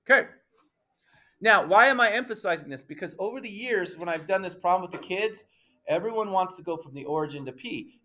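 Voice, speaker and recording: A man teaching a middle school math class, playful and emphatic, addressing the students as ladies and gentlemen and checking often that everyone understands. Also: sits high.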